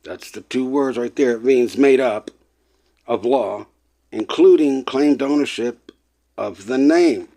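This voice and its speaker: A man with a mid-range, dark-toned voice speaks slowly in an online presentation. His monologue is impassioned and lecturing: he repeats points emphatically, addresses listeners as people, and gets worked up.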